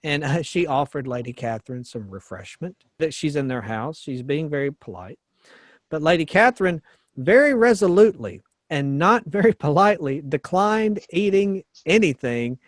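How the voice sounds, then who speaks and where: A man talks casually about a story he loves, stopping to read passages aloud and adding chuckling asides. His voice sits a little high for a man. The sound is dry and close to the mic. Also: animated, normal speed, no room sound. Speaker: pastor and podcast co-host. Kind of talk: casual book discussion.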